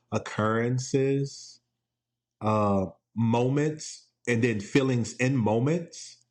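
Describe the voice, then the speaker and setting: Casting note: playful man hosting a laid-back solo podcast, middle pitch, breaks into laughs. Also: a little mellow. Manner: playful, laughs often, quotes TV clips in put-on voices. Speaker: podcast host. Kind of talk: casual solo podcast chat. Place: home.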